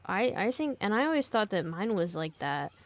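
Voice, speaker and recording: A woman with an American accent chatting casually as a podcast co-host, animated and full of asides. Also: mid-range voice, moderate pace, dull audio. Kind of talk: casual chat.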